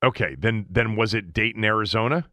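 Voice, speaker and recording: A man's voice: fairly low pitch, a little fast, bright, forceful tone, dry recording. A man hosting a casual sports betting chat, talking loosely with fillers and restarts. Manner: conversational, frequent fillers and restarts. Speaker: sports betting show host.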